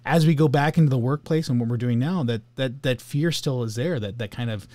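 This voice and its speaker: A man in easy conversation, wandering through his thoughts with plenty of "you know" and restarts. His voice sits at an ordinary pitch, recorded close and dry with no room sound. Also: a little fast, warm tone, no room sound. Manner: rambling, with many fillers and restarts; acts out coworkers in little skits. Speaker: podcast co-host. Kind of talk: casual conversation on emotions.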